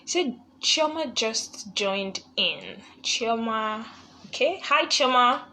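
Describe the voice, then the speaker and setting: A woman's voice: fairly high pitch, animated, slow pace, pushed and bright, slight background noise. Chatty, laughing woman host on a live stream. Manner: chatty, laughs often, upbeat. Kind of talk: casual live-stream chat greeting viewers.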